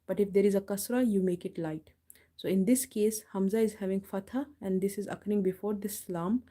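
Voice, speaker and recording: Patient woman teaching recitation, mellow voice. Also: medium pitch, fairly even intonation. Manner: slow, drawn-out model recitation between explanations; patient step-by-step explaining. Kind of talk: live online tajweed lesson.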